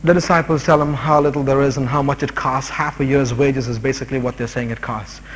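A man teaching a sermon on a Bible passage, animated and rising to shouted exhortations. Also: mid-range voice, fairly quick, slight background noise. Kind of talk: expository sermon. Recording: long hall reverb.

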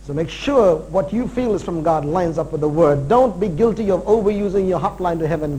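A man preaching a sermon as pastor, animated and full of jokes and asides. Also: high voice, quick pace, hardly any pauses, slight background noise, rough recording.

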